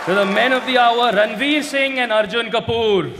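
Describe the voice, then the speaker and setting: A young man, performing a stand-up roast set and shouting his punchlines brashly. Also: very high-pitched, normal speed. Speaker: roast comedian. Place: large indoor stage venue. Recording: live hall with reverb and crowd noise.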